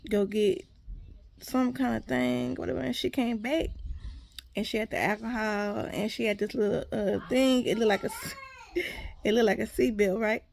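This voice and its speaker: A woman's voice: a little high, normal speed, gravelly, slight background noise. A woman telling a casual story to her viewers, acting out what others said and calling them y'all. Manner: animated, quotes others, addresses viewers as y'all.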